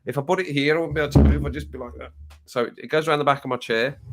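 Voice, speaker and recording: Live-streaming from his home setup, a man talks into a desk microphone at a racing pace in a higher-pitched voice, amid heavy background noise. He rambles casually to viewers, laughing and cursing often.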